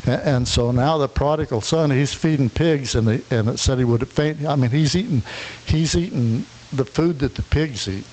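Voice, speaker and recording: A man's voice: mid-range voice, normal speed, darkish tone, low-quality recording. Man preaching a parable, faint hiss. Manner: retells a parable, acting out the characters, with frequent restarts. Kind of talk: sermon storytelling.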